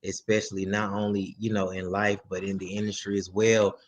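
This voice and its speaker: A man's voice: fairly low pitch, brisk. A man talking as a guest in a casual interview, emphatic and profane. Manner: emphatic, profane, slips into animated impressions. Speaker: guest artist.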